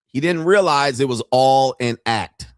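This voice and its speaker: This podcast host has an unhurried, mid-range voice with a clean tone, recorded echo-free at studio quality. He narrates profane stories in an animated, casual commentary style and mimics the voices of the people in them.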